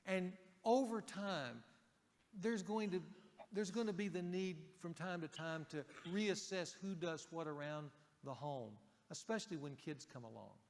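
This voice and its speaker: A male pastor preaching a sermon in a conversational way, raising his voice for emphasis and dropping it softly for key points. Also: fairly high pitch, measured pace, long reverb tail.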